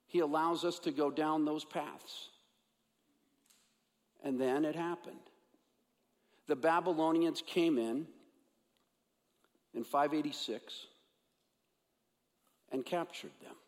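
Pastor guy preaching, kinda high voice, keeps repeating lines, big echoey church. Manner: earnest, repeats phrases for emphasis. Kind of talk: sermon. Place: church sanctuary. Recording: long hall reverb.

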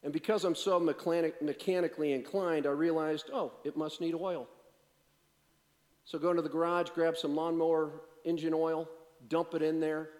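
A pastor giving a sermon, moving between loud, emphatic preaching and quiet, self-deprecating storytelling. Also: male voice, fairly high pitch, level tone, moderate pace, long reverb tail.

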